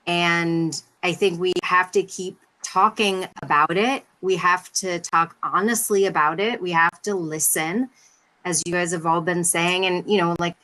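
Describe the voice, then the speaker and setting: Woman, bright voice, frank storyteller, video call panel. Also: fairly low pitch. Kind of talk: casual panel discussion.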